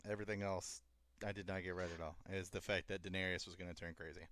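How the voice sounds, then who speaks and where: A man co-hosting a casual review chat, talking in a profane, animated way and mocking the characters. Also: sits low, fast. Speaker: podcast co-host.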